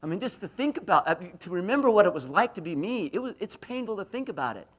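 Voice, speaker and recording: A man's voice: high-pitched, big pitch swings, fast, fairly bright tone. A middle-aged man from Idaho giving a university lecture, telling self-deprecating stories and throwing questions to the audience. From Idaho, USA. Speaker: motivational speaker.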